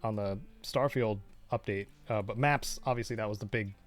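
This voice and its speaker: A man co-hosting a casual gaming podcast, talking in a relaxed, rambling way that often trails off. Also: on the low side, moderate pace, faint music behind. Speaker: podcast co-host.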